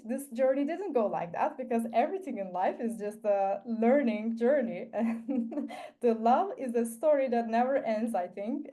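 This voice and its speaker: A woman with a manner, sharing a personal testimony at an online forum, earnest and reflective with frequent pauses. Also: fairly high pitch, dark tone. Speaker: forum speaker.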